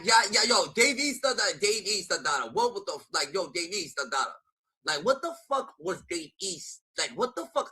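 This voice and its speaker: A man streaming commentary on a rap feud, loud and swearing, shouting often and repeating catchphrases. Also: sits high, slightly rough.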